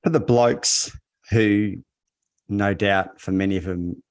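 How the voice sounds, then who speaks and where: A male podcast host with a very low voice puts his questions casually, using slang and easing into each thought. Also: fairly even intonation, slow pace, clear, resonant tone. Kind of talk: podcast interview.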